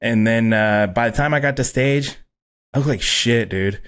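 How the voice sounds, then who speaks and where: A man guest on a podcast, telling a story casually, swearing a lot and acting out quotes loudly. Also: medium pitch, moderate pace, clear, resonant tone. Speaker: podcast guest, pro bodybuilder.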